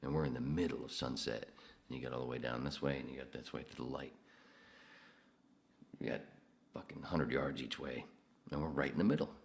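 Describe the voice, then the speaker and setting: A podcast host with a rumbling low, gravelly voice talks briskly but pauses often. He tells rambling, casual stories laced with profanity.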